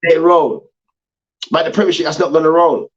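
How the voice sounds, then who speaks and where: A man's voice: a little high, fairly even intonation, a little fast, dull audio. A man hosting a sports debate show, ranting heatedly, swearing and repeating his points for emphasis.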